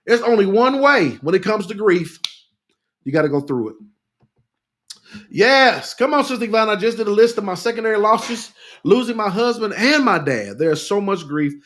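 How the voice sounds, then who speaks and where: A man with an unusually high voice leads an impassioned live talk. He repeats key phrases for emphasis, calls his listeners "y'all" and reads their comments aloud. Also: fairly bright tone. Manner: repetitive, rousing, addresses listeners as "y'all". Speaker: grief speaker hosting a live talk.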